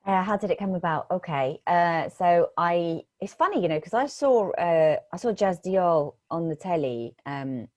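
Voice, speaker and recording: A woman being interviewed as an actress, telling stories in a lively way and acting out past conversations. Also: fairly low pitch, normal speed, few pauses, no echo, dull audio. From Britain. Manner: animated storytelling, re-enacts conversations. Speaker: actress guest.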